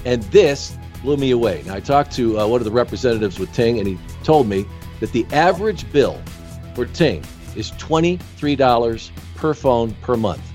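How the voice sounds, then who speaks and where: Host: mid-pitched man, folksy pitchman delivery, faint music under. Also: animated, a little mellow. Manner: folksy, salesman-like, asks quick questions. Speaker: podcast host. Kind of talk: interview and live-read ad.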